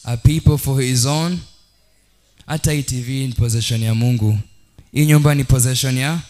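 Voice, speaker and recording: A man's voice: medium pitch, moderate pace, warm tone. A man with a Kenyan accent preaching a sermon, building repeated declarations and mixing English with Swahili. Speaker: pastor.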